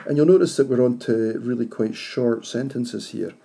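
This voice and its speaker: A man's voice: mid-range voice, moderate pace, vocal fry, few pauses, warm tone, breathy edge. A man, teaching poetry analysis to his class, reflective and posing questions to his students.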